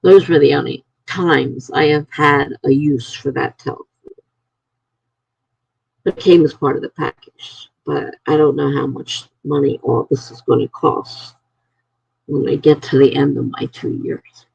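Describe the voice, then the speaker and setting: A woman hosting a casual live stream from her apartment, telling long rambling stories to her viewers in an animated way. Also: deep voice, measured pace, creaky, breathy edge, lo-fi sound.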